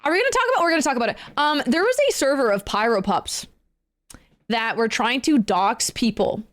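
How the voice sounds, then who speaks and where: A woman talks straight to her stream chat, cursing and repeating phrases for emphasis while flipping between fury and silly play. Her voice is high and bright. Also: expressive, a little fast. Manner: swears, repeats herself, swings between angry and playful. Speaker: VTuber streamer. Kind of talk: live stream rant to chat.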